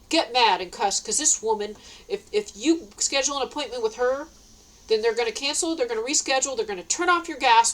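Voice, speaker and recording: A woman's voice: fairly high pitch, rough recording. A middle-aged woman ranting to camera, agitated and swearing, rambling with many restarts. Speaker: vlogger.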